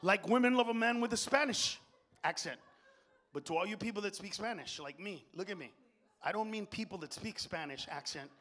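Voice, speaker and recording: Brief: male stand-up comic, high bright voice, crude and loud, quick to do voices. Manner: crude, loud, jumps into impressions. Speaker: stand-up comedian. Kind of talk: stand-up comedy. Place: comedy stage before a live audience.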